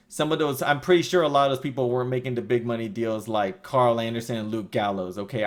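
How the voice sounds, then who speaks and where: A man delivering an angry, profanity-filled rant as a vlogger, cursing constantly and mocking his target with sarcastic quotes. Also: mid-range voice. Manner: heated, sweary, sarcastic mock quotes. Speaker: wrestling vlogger.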